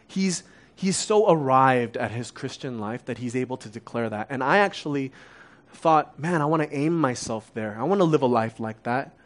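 A young adult man preaching a sermon, earnest and confessional, dropping soft and then rising to emphatic peaks. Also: a little high.

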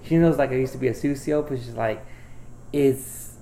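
A man with a gravelly, creaky voice talks at an ordinary middle pitch. He rambles through a personal story in loose, profane casual chat, with lots of filler words. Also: moderate pace, mellow. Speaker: podcast guest.

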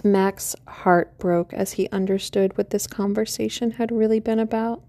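A woman calmly narrating an audiobook in a measured storytelling manner. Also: medium pitch. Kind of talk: scripted narration.

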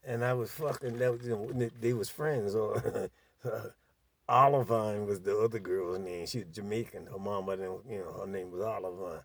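An older man telling a profane story in casual chat, animated and laughing as he goes. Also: on the low side, normal speed, gravelly, no room sound.

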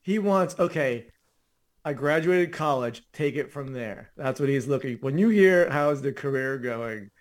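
A man's voice: mid-range voice, expressive, unhurried. A man co-hosting a casual chat podcast, talking conversationally with frequent filler words. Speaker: podcast co-host.

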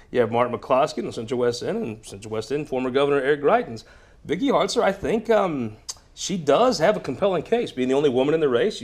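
A man's voice: mid-range voice, darkish tone. A man hosting a political panel show, joking and rambling from topic to topic. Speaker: show host.

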